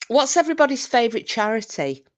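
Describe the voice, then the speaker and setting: A woman's voice: a little high, very animated, fast talker. A middle-aged woman hosting a casual livestream, chatting and reacting to comments from her chat with frequent laughter. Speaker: livestream host reading chat.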